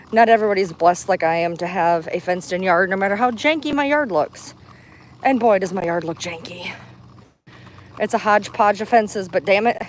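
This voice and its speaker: A woman's voice: mid-range voice, a little hiss or hum. A woman vlogging live on a phone while walking outdoors in a park, slightly out of breath and chatty, turning chirpy when she talks to passersby. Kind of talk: casual live walk-and-talk. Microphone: handheld phone.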